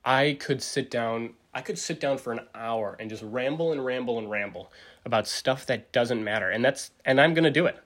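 A man in his forties rambling through a casual solo podcast monologue, full of fillers and restarts, jumping up in pitch to act out what others said. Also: moderate pace, a bit bright. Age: 40s. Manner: acts out quotes with big pitch jumps. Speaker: podcast host.

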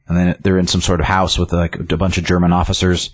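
Casting: low, husky-voiced guy, loose and rambling recap, dry room. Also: little pitch movement, quick pace, dry recording. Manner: rambling, full of "like" and restarts. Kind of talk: casual recap of a story.

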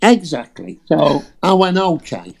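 Gravelly British man telling rude stories. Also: fairly high pitch, a little slow, crowd noise. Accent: British English. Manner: swears freely, lively storyteller. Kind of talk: casual anecdote.

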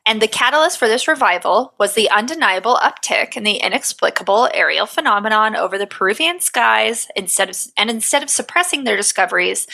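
A woman's voice: medium pitch, gravelly, sharp tone, low-quality recording. A woman co-hosting a casual podcast, reading her research notes aloud with profane, jokey asides. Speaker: podcast co-host.

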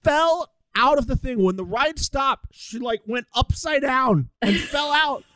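A woman co-hosting a podcast tells stories with animated energy, and her pitch swings widely. The chat is casual and quick. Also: no echo. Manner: animated storytelling, mimics people. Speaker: podcast co-host.

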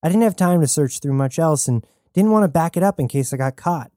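A man's voice: fairly high pitch, lively intonation, warm tone, no room sound, studio quality, voice pushed up, close to an everyday voice. A man voicing a nervous young male rebel who talks anxiously and in a rush. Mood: sheepish. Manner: anxious, stammering, rushed.

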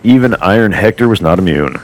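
A man's voice: on the low side, animated, a little fast, soft background music, rough recording. A man narrating a comedic parody of a classic tale in a storybook tone with irreverent, crude asides.

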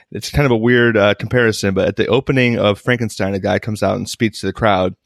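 Gravelly-voiced man, dry close sound. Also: fairly low pitch, fairly even intonation, brisk, no echo. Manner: laughs often, rambling with restarts. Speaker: podcast co-host. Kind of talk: casual banter. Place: home.

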